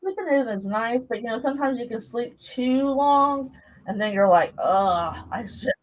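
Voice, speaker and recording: A woman's voice: a little high, lively intonation, moderate pace. A middle-aged woman hosting a live craft stream, chatting casually and rambling as she works, greeting viewers by name, recorded through a camera mic as she moves around a table in a home craft room. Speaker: craft livestream host. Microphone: camera mic while moving around a table. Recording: dull lo-fi live stream audio.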